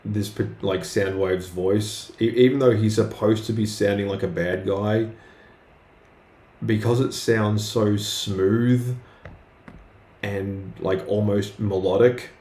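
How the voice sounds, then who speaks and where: Male streaming artist, low and unhurried, hesitant casual chat, roomy recording. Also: steady tone, mellow. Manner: hesitant, many fillers and restarts. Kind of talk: casual live-stream chat while drawing. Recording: roomy with faint background noise.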